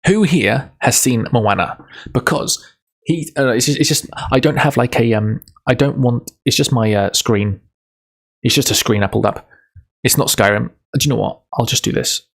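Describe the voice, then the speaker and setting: A man's voice: mid-range voice, moderate pace, vocal fry. A man on a casual livestream who rambles, interrupts himself and laughs easily, then reads a book aloud.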